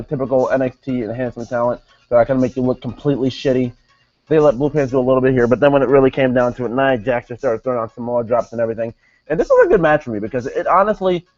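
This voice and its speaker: A man's voice: mid-range voice, dry recording. A young man casually reviewing a wrestling show, rambling with many fillers and self-corrections. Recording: dull lo-fi sound, faint music behind.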